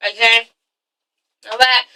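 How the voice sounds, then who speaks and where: A sassy woman recapping reality TV, swearing freely and punctuating everything with "okay?". Her voice is high and piercingly bright, and she sits some distance from the mic. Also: level tone, slow, clear, resonant tone. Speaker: reviewer, channel host. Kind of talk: casual profane TV-recap vlog.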